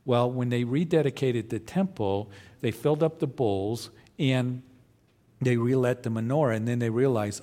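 A man's voice: medium pitch, moderate pace, dark tone. A male pastor preaching a conversational sermon, often asking rhetorical questions.

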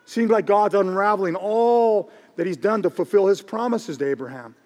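A middle-aged man, a pastor, preaching a sermon in an animated, joking way and repeating phrases for emphasis. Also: high voice, normal speed. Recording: long reverb of a large hall.

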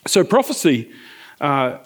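A middle-aged New man preaching in a voice pitched a little high for a man. He talks earnestly and conversationally, mixing scripture with a personal story and checking in with his listeners as he goes. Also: big pitch swings, takes it slowly, breathy edge. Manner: conversational, earnest, asks the congregation questions. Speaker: pastor.

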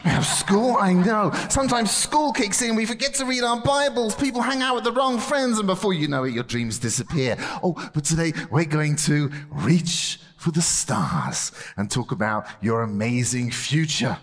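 A man's voice: fairly high pitch, expressive, normal speed, few pauses, fairly bright tone. A man entertaining children at a camp as a ventriloquist, playful and jokey, mixing gags with encouragement about faith. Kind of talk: lively children's show with preaching. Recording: hall reverb.

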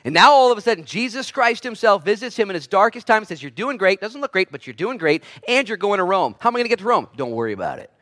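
Dynamic preacher man, fairly high voice. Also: sing-song, fast, hardly any pauses. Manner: preaching with wide swings from hushed to loud, acting out quoted voices. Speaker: pastor. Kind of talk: sermon.

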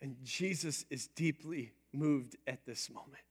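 A man preaching a sermon in an animated, playful way, drawing his congregation into call-and-response. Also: mid-range voice, measured pace, husky. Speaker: pastor.

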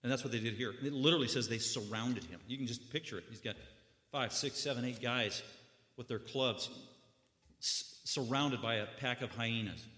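Bright-voiced preacher in an echoey hall. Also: male voice, medium pitch, moderate pace. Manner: dramatic storytelling with sudden loud bursts and hushed drops. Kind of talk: sermon.

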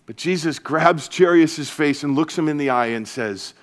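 A man preaching as a pastor to his church, earnest and energetic, dropping to a soft, hushed voice for comforting passages. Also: on the high side, normal speed. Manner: earnest, shifts to soft hushed tones when quoting Jesus. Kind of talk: sermon. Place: church service.

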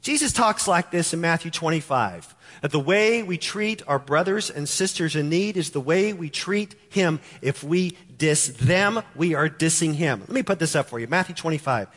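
Texan guy preaching, kinda high voice, hammers the same lines over, big echoey hall. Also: lively intonation, moderate pace, fairly bright tone. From Texas. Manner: emphatic, repeats key lines for effect. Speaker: pastor. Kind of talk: sermon. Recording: long hall reverb.

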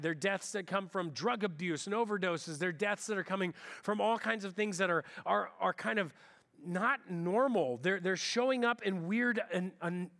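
Middle-aged male pastor, bright high voice, relaxed church sermon, self-deprecating asides. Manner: chatty, self-deprecating, with frequent restarts. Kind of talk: conversational sermon. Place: church sanctuary.

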